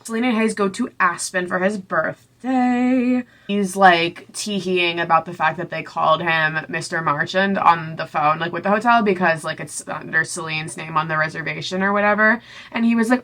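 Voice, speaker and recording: A young woman casually recapping a book, sarcastic and chatty, acting out the characters' lines in quick little voices. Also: on the low side, fairly bright tone. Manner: sarcastic, chatty, full of "like" and asides. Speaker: book reviewer.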